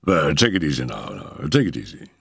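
A man doing a calm, wry older doctor. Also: rumbling low, vocal fry, husky, no echo, studio quality, full character voice. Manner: unhurried, wry, matter-of-fact. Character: calm older male doctor, dry and soothing. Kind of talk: audiobook character reading.

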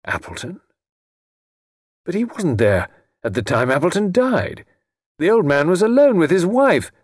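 A shaken, startled gentleman host, as a man puts him on in an audiobook. He speaks in hushed, unsteady tones with a husky edge. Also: on the high side, very animated, measured pace, no echo, clean studio sound, voice pushed up, heavily acted.

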